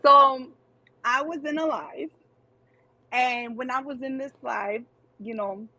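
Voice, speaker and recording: A woman from New City, guest on a livestreamed interview, talking in an animated, slangy way. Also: sits high, slow, poor audio. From New York City. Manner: animated, slangy, repeats phrases. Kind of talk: casual interview chat. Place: home, livestream.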